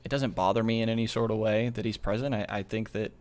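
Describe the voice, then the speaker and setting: A man's voice: on the low side, fairly even intonation, fast, a little mellow. A man co-hosting a sports podcast, skeptical and dry. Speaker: podcast co-host. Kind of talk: casual sports chat.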